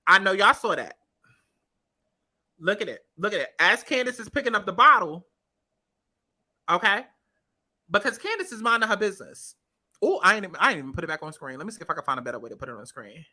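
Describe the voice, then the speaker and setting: Woman, casual commentary, very bright tone, lively swooping pitch, profane, emphatic repeats. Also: quick pace, pauses often. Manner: talks to viewers while scrubbing through a clip. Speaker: commentary vlogger.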